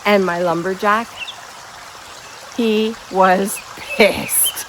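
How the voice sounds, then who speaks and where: A woman's voice: mid-range voice, fairly even intonation, extremely slow, noisy background. A woman, telling her own story frankly and bluntly as a vlogger, outdoors by a river. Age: 50s. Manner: blunt, frank, laughs between lines. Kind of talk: candid personal storytelling.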